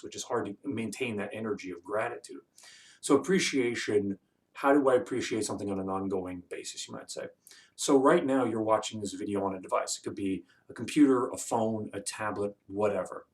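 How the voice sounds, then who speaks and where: A man's voice: mid-range voice, far from the mic. A man hosting a short motivational video, talking loosely with many fillers and restarts. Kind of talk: casual talking-head monologue.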